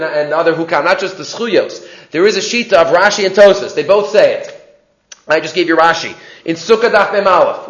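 A man's voice: sits high, fairly bright tone, roomy sound, highs cut off. A man teaching a class in a conversational lecturing way, asking rhetorical questions.

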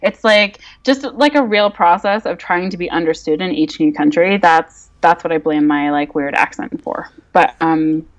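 A woman's voice: on the low side, moderate pace, few pauses, highs cut off. A woman in her thirties from Northern Ireland with a mixed Northern Irish accent, chatting as a podcast guest, laughing often and using lots of fillers. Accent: Northern Irish, mixed with English and Canadian. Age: 30s. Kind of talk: casual podcast chat.

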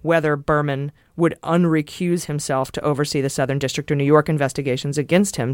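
A woman's voice: deep voice, normal speed, few pauses, darkish tone, no room sound, studio quality. A woman co-hosting a political podcast, talking casually in a blunt, profane, sarcastic way. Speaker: podcast co-host.

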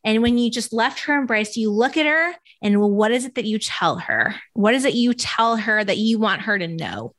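A woman in her thirties hosts a podcast in a relaxed, chatty way, her voice pitched a little high. She gushes over her guest and breaks into laughter often. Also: normal speed, hardly any pauses. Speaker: podcast host. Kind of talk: casual chat.

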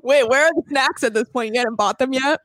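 A young woman in her twenties, a podcast co-host, who jumps in with quick questions and reactions in casual chat. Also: high-pitched, fairly bright tone, dry recording.

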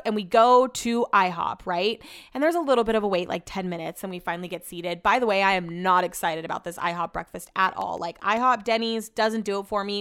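A woman's voice: medium pitch, smooth. A woman hosting a casual chat, telling everyday stories in a loose, chatty way full of fillers. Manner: chatty, animated, lots of "like".

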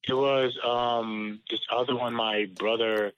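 A man on a podcast, telling a story in a halting, hesitant way. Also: mid-range voice, little pitch movement, a little hiss or hum. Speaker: podcast guest. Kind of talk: casual chat. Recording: slightly dull lo-fi sound.

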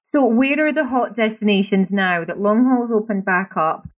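A Scottish woman hosting an interview at a middle pitch. She sounds keen and encouraging as she puts open questions to her guest. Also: moderate pace. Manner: enthusiastic, asks open questions. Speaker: interview host. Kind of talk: conversational interview.

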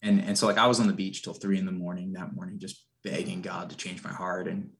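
A man's voice: low voice, flat delivery, quick pace, gravelly, fairly bright tone. A man, a podcast guest, telling a personal story in an earnest, reflective way with many restarts. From United States.

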